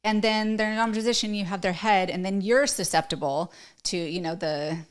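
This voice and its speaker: A woman's voice: medium pitch, normal speed, smooth. A woman co-host in her thirties from the United States, a former fight commentator, chatting casually about grappling with lots of fillers. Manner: laid-back, explains grappling with fillers. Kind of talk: casual podcast chat.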